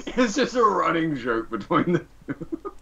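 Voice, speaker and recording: A man running a tabletop role-playing game as game master, narrating in a relaxed way with hesitant fillers. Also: on the high side, a little slow, creaky, dull audio, a little hiss or hum.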